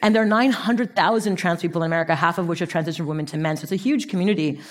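Animated woman telling business stories. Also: lowish voice, very fast. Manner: animated storytelling, acting out quotes, laughing. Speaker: speaker. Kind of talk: motivational talk.

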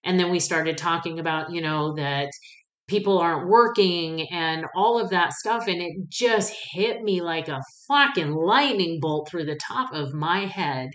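Female podcast host, low-ish voice, candid and salty, animated storyteller, roomy echo on the recording. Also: a little slow. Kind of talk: casual personal monologue. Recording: echoey room.

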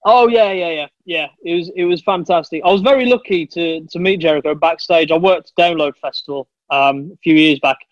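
A man's voice: on the high side, brisk, hardly any pauses, no room sound. A man chatting casually on a podcast, an enthusiastic storyteller who calls people mate. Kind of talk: casual chat. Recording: dull lo-fi dry sound.

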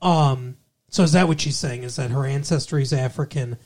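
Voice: mid-range voice, normal speed, a little mellow. A co-host of a casual comedic podcast, reading personal ads aloud and riffing on them in a wry, rambling way full of asides.

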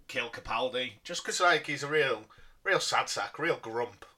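A man's voice: mid-range voice, expressive, unhurried, pushed and bright. A man co-hosting a podcast in casual chat, playful and fond of spinning comic scenarios. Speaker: podcast co-host.

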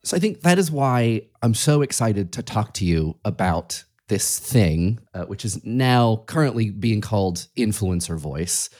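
A man with a low voice hosts a podcast interview. He talks in a reflective, conversational way. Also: lively intonation, unhurried, hardly any pauses, darkish tone. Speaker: podcast host.

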